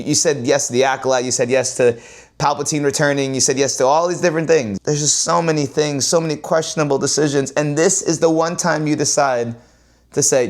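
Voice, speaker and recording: Man, vlogger, casual rant, animated, repeats phrases, medium pitch. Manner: animated, repeats phrases, swings from loud exclaims to mutters. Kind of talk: casual ranting monologue.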